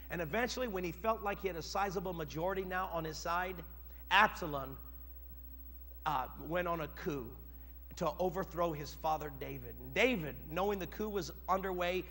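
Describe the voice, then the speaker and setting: A man preaching a sermon, telling a story and moving from quiet narration to loud dramatic peaks. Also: fairly high pitch. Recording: long hall reverb.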